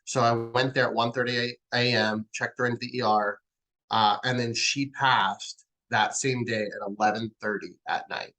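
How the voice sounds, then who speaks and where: A man's voice: mid-range voice, fairly even intonation, normal speed, bright, forceful tone, rough recording. A man in his forties, an interview guest, telling a heartfelt personal story and acting out the lines of others. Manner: heartfelt, acts out quoted lines. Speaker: guest, charity founder.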